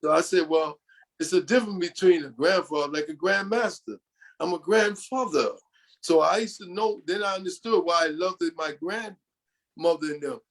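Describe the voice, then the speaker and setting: A man's voice: on the high side, moderate pace. Older New York man telling stories. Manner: rambling, often quoting others. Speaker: podcast guest. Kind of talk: storytelling in an interview.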